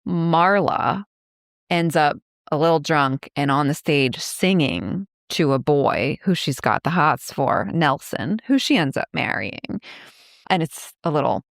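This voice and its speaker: A woman in her fifties talks through a film's plot in loose, chatty podcast style, full of "like" and quick laughs. Her voice sits a little low. The sound is dry and close, with no room behind it. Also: lively intonation, vocal fry, no room sound. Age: 50s. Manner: chatty, many likes, laughs while retelling scenes. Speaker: podcast co-host. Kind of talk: casual movie recap chat.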